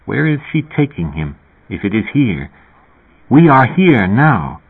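A man's voice: mid-range voice, big pitch swings, measured pace, husky, full character voice. A man reading the inner thoughts of a puzzled, bewildered man in a questioning tone, with a tinny radio sound.

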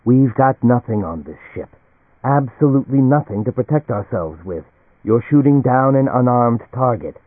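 A man's voice: medium pitch, lively intonation, normal speed, dry recording, close to an everyday voice. A man reading a frightened, defiant male cargo pilot who turns bitterly resigned. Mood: desperate. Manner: desperate, then bitterly resigned. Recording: tinny, phone-like and dry.

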